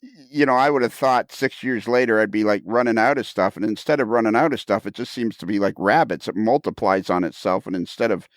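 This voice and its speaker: A man hosting a casual podcast conversation, enthusiastic and quick to laugh, often repeating his words, heard on a close mic. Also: lowish voice, no room sound. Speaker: podcast host.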